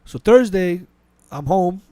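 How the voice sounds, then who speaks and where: A man hosting a casual podcast, telling a work story quickly and animatedly, with many restarts and quoted back-and-forth dialogue. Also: high voice, lively intonation, warm tone, no room sound. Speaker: podcast host. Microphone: podcast mic.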